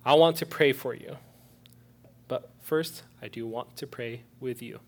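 Guy pastor preaching, earnest, goes quiet then loud in prayer. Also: medium pitch, measured pace. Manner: earnest, swings from soft prayer to loud urging. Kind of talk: sermon with altar-call prayer.

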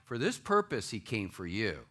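A man preaching a sermon to a church audience, swinging between loud declarations and hushed asides. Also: fairly low pitch, huge pitch swings, moderate pace. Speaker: pastor.

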